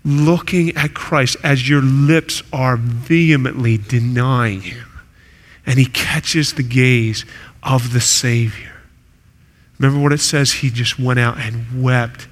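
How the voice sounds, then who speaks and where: A man's voice: medium pitch, measured pace, fairly bright tone. A man preaching a sermon as pastor, earnest and building to intense emphasis. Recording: preaching in a hall with long reverb.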